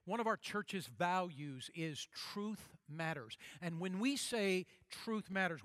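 Guy pastor preaching, kinda high voice, dry close sound, hammers the same lines over and over. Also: a bit bright, no room sound. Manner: emphatic, repeats key phrases, slows down for stress. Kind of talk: sermon.

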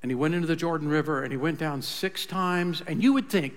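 A male pastor delivers a sermon as dramatic storytelling, dropping to a hush and then rising again. His voice is high and bright. It carries through a reverberant hall. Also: brisk, hardly any pauses. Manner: dramatic storytelling, swings from loud to hushed.

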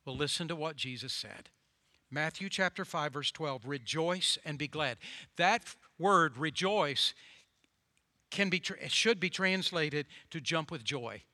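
Sharp-voiced male preacher. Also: on the high side, lively intonation, unhurried, dry recording. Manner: storytelling, emphatic with repeated phrases. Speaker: pastor. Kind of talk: sermon.

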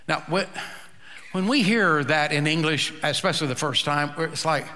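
A male pastor preaching a sermon, slow and emphatic, with dramatic pauses. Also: on the high side, pushed and bright, big-room sound.

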